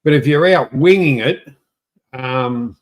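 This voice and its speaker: Halting, blunt man chatting casually. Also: medium pitch. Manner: halting, repeats words, blunt. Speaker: podcast co-host. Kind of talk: casual chat.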